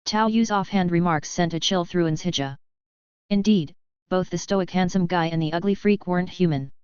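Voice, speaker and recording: Low, smooth woman narrating a novel. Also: moderate pace, darkish tone, no room sound, muffled recording. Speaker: audiobook narrator.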